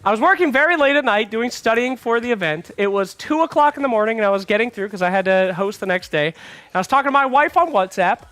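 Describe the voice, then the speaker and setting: A man hosting an esports broadcast, telling an embarrassing story in an animated way and swearing freely in casual panel chat. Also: very high voice, fast, no echo. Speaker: host.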